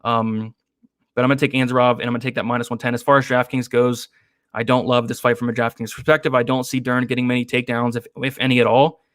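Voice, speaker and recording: A man hosting an MMA betting stream in a relaxed, chatty way, giving picks and answering viewer comments. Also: mid-range voice, fast talker, no echo. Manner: relaxed, chatty, with frequent fillers and laughs. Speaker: host of an MMA betting show. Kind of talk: casual live-stream chat reading viewer comments.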